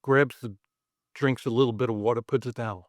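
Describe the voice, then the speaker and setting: A middle-aged man from Brooklyn, guest on a podcast, telling an animated, profane anecdote. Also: medium pitch, fairly quick, no echo, studio quality. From Brooklyn, New York. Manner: animated, profane storyteller acting out quotes. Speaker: guest, special effects artist. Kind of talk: storytelling anecdote in a podcast interview.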